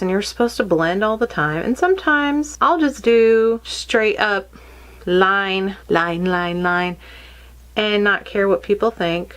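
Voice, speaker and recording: A woman's voice: mid-range voice, a bit bright, rough recording. A woman with a Texan accent, casually talking through a makeup tutorial at home, chatty and self-deprecating. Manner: chatty, self-deprecating, talks to her cat in baby talk. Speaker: makeup vlogger. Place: home, indoors.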